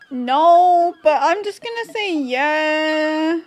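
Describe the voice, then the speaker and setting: A woman streamer commenting on a video game, excitable and swearing freely. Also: very high-pitched, takes it slowly, hardly any pauses, soft background music. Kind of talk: game let's play commentary.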